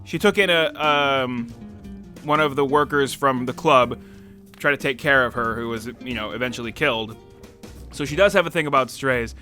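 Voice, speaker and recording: A man's voice: mid-range voice, normal speed, bright, forceful tone, soft background music. A young man giving a casual, rambling film review, full of "like" fillers and frequent laughter. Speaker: movie reviewer.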